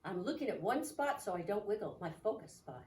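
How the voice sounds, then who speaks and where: A woman's voice: medium pitch, very animated, a little fast, a little mellow. A woman teaching a children's yoga class, giving playful, coaxing instructions with bits of sing-song. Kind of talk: guided children's movement class. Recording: echoey room, mic at a distance.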